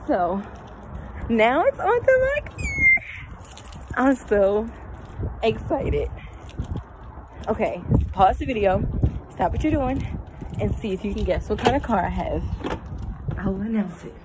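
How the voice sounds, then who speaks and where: A young woman vlogging casually outdoors, chatty and excitable, talking straight to her viewers on a handheld phone. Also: medium pitch, measured pace, long pauses, very noisy. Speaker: lifestyle vlogger. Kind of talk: casual vlog tour. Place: outdoors, rooftop and parking area.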